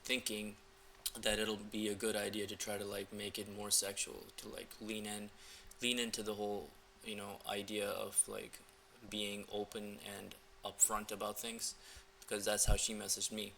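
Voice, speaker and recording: A man's voice: lowish voice, monotone, normal speed, creaky, sharp tone, slight background noise. A young man in a loose, filler-heavy casual walkthrough, coaching viewers on dating messages. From United States. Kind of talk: casual screen-recording walkthrough.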